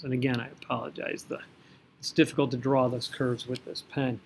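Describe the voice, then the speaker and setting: A man's voice: mid-range voice, steady tone, moderate pace, creaky, slight background noise. A man teaching a recorded math lesson, talking through each step and catching his own slips as he goes. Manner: talks through working step by step, self-correcting.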